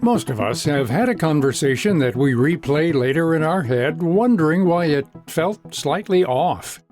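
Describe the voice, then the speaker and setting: Lively higher-voiced male radio host. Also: moderate pace, over music. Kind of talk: scripted narration.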